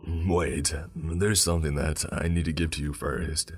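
A man doing a gruff library boss. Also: very deep voice, little pitch movement, a little slow, soft background music, full character voice. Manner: curt, demanding. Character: gruff stern male library manager.

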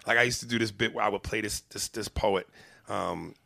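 A man's voice: lowish voice, fairly even intonation, a little fast, creaky, pushed and bright. A man hosting a casual podcast chat as a comedian, blunt and crude.

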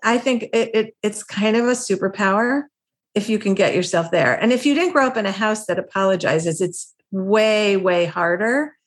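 A woman's voice: medium pitch, moderate pace. A woman co-hosting a parenting podcast, sharing her experience as a mother in a reflective, conversational way. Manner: reflective, conversational, many fillers like "like" and "I mean". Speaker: podcast co-host. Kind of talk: casual chat.

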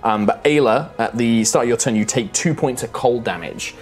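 A man's voice: medium pitch, normal speed. A man narrating as game master, casual and full of ums and restarts.

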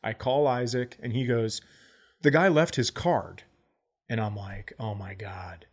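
This man's medium-pitched voice is animated, though his pace runs a little slow. He's a forties-aged comedian and podcast co-host, casually spinning a funny story and voicing both people in every exchange.

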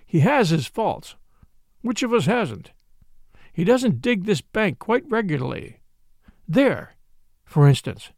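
A man puts on an excitable middle-aged priest, fervent and lifting his voice high as he preaches. The delivery swings widely in pitch, with a gravelly edge and a dry, close sound. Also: slow, long pauses, no room sound, full character voice. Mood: mild.

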